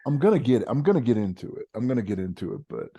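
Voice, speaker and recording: A man's voice: medium pitch, big pitch swings, racing, gravelly, dark tone, husky. A man co-hosting a podcast in casual chat, laid back, mostly giving short agreeing replies. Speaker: podcast co-host.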